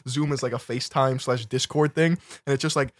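A man's voice: medium pitch, steady tone, brisk, very noisy. A young man co-hosting a casual podcast, laid-back, chiming in with short quips and laughs. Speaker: podcast co-host.

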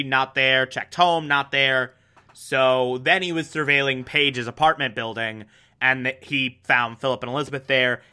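A man's voice: on the high side, pushed and bright. A man giving a passionate, casual recap of a TV episode, peppered with "like". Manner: passionate, lots of "like" fillers. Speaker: TV show reviewer.

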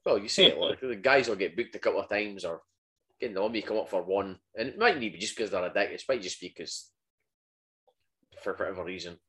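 A man hosting a casual chat, asking relaxed questions and dropping in short agreements. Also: low-pitched, brisk.

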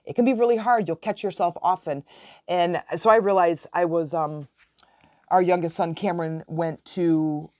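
Woman in her forties, motivational podcast host; earnest and encouraging, lowish voice, dry close sound. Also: dark tone, no room sound. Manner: earnest, encouraging, acts out quoted dialogue. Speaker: relationship coach.

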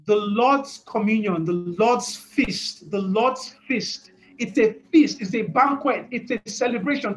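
A man's voice: high voice, poor audio. A male preacher giving a sermon in an emphatic way, repeating his points and laughing between them.

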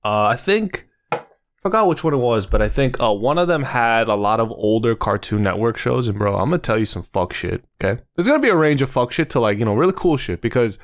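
A man co-hosts a podcast in easygoing, casual chat. He speaks in a relaxed way, using crude slang and chuckling between remarks. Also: medium pitch, a little fast. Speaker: podcast co-host.

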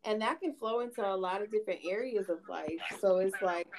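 A woman's voice: mid-range voice, brisk. Candid, cursing woman podcast host. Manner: candid, swears freely, storytelling. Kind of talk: casual chat.

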